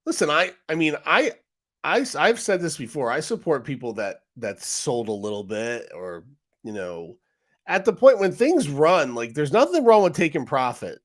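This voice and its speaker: His voice is a little high and a bit bright, with a sing-song lilt at normal speed. The live stream host speaks directly to his chat in a casual, frustrated, rambling way.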